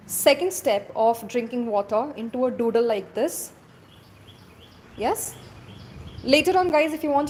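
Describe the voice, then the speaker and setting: Brief: Indian English woman, doodle teacher, fairly high voice, instructive and chatty, faint ambient noise behind. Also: darkish tone. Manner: instructive, checks in often with the viewer. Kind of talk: casual step-by-step drawing tutorial.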